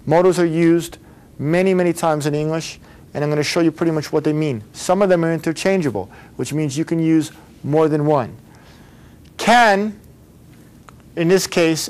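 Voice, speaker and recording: A man's voice: a little high, normal speed, darkish tone. Patient male English teacher with a slightly raised voice who drills phrases for students to repeat. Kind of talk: recorded English grammar lesson.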